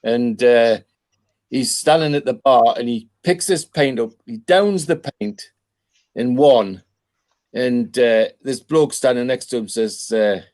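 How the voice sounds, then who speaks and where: A man's voice: medium pitch, darkish tone, no echo. An older man from North East England in casual chat, telling rambling anecdotes with chuckles and restarts. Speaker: podcast panelist.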